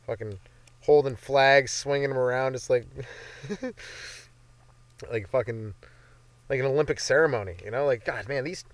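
A young man hosts a comedy podcast, riffing off the cuff in a loose, rambling way and swearing freely. His voice sits at an ordinary middle pitch. He is close on a dry mic with no room sound. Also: normal speed, pauses often, no room sound. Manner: loose, profane, rambling with lots of fillers. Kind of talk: rambling stand-up style monologue.

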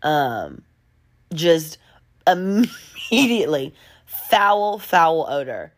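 A woman telling a story in a casual vlog, animated and addressing viewers directly, often breaking into laughter. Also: low-pitched, extremely slow.

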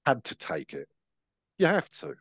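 A man's voice: mid-range voice, wildly swooping pitch, normal speed, fairly bright tone, breathy edge, no room sound, clean studio sound. Sweary man telling stories. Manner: sweary, storytelling with acted-out voices. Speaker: podcast co-host. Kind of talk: casual chat.

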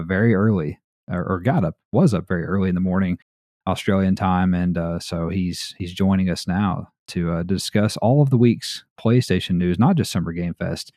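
Deep-voiced Southern American podcast host. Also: male voice, dark tone, no room sound, clean studio sound. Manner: laid-back, chatty, laughs often. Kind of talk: casual podcast chat.

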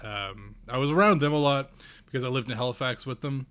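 A young man with a mid-range voice, chatting on a podcast. He tells his story in a halting way, full of pauses and restarts, relaxed among friends. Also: medium pitch, clean tone. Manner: storytelling, hesitant with fillers and restarts. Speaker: podcast co-host. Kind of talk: casual chat.

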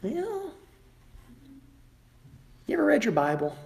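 A male pastor preaching a sermon emphatically, rising sharply in pitch and volume at his high points and mimicking other people sarcastically. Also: huge pitch swings, takes it slowly, creaky. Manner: emphatic preaching with wide swings in pitch and loudness; mocking voices of the world in sarcastic asides.

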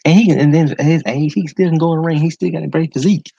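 A man's voice: fairly high pitch, fast talker, creaky, dark tone, breathy edge, no room sound. A man hosting a casual solo podcast, talking in an enthusiastic, slangy way and repeating words for emphasis. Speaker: podcast host. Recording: dull lo-fi sound, dry close mic.

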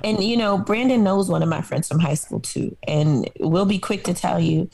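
A woman from Harlem, co-hosting a podcast in casual conversation, opinionated and quick to laugh. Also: on the low side, creaky, darkish tone, husky. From Harlem, New York. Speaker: podcast co-host. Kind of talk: casual chat.

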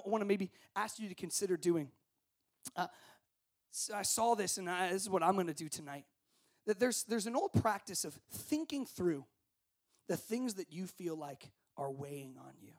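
A man preaching to students at a camp, speaking into a handheld microphone, swinging from shouted passion to hushed, gentle prayer. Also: high-pitched. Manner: impassioned, shouting at peaks, then soft and hushed. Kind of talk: sermon to students.

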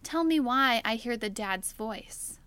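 A woman's voice: slow, smooth. A young woman co-hosting a podcast, telling a story in casual chat with lots of "like"s. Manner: animated storyteller, many "like"s, voice jumps high when retelling her yelling. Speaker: podcast co-host.

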